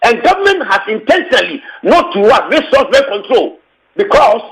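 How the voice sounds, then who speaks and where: A man with a Ghanaian English accent, secretary general of a tenants union, makes a passionate and emphatic interview statement, repeating points and slipping into local phrases. His very high, slightly bright voice is very animated at a moderate pace, and the recording is rough.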